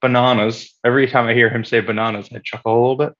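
A man's voice: medium pitch, fairly even intonation, rapid-fire, a bit bright. A man co-hosting a podcast in casual political chat, sarcastic and profane, laughing often. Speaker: podcast co-host. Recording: dull lo-fi audio.

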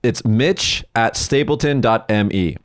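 A man's voice: medium pitch, unhurried, no echo, clean studio sound. A man hosting a casual chat, telling stories bluntly with lots of swearing and acted-out quotes. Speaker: podcast host. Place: lives in Japan.

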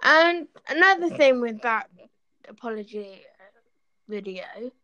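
A woman's voice: fairly high pitch, animated, takes it slowly, pushed and bright, clear, resonant tone, no echo, low-quality recording. An English woman with a blunt manner who swears freely, chatting casually as co-host. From England. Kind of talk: casual chat.

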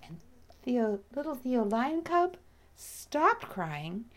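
Woman storyteller, bedtime-book reading, gentle and expressive, very unhurried. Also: on the high side. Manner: gentle, expressive, often drops to a whisper.

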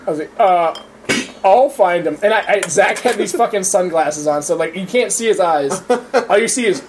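Young man, high voice, profane laughing storyteller, casual chat, light background hiss. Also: moderate pace. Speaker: storyteller among friends.

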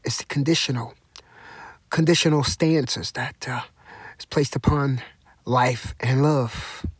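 Over background music, a talk show host with a medium-pitched, breathy voice speaks slowly in a dry recording. Alone at the mic, he delivers a passionate, sermon-like monologue, preaching emphatically and repeating the same phrases again and again.

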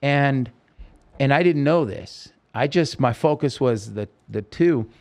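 A man's voice: mid-range voice, animated, takes it slowly, darkish tone. A man, a podcast guest, urgently recounting a personal story in vivid, present-tense detail.

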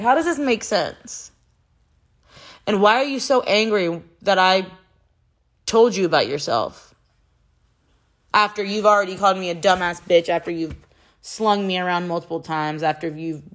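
A woman's voice: fairly low pitch, moderate pace, pauses often. Young woman venting angrily. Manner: heated, frustrated and profane; rambling with restarts and frequent "like". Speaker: vlogger. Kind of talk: personal venting vlog.

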